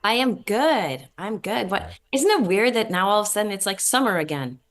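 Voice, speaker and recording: A woman's voice: medium pitch, very animated, normal speed. A middle-aged woman, a guest chatting and telling amused stories. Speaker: senator, guest. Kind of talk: casual chat.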